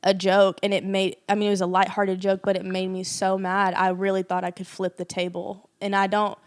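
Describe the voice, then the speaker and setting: A woman's voice: mid-range voice, monotone, a little fast, smooth. A woman co-hosting a faith podcast, speaking reflectively and thinking aloud about emotions. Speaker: podcast co-host.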